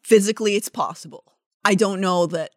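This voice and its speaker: A woman co-hosting a casual true-crime podcast, indignant and swearing freely, swinging from quiet mutters to loud outbursts. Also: mid-range voice, a little fast, no echo, clean studio sound. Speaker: podcast co-host.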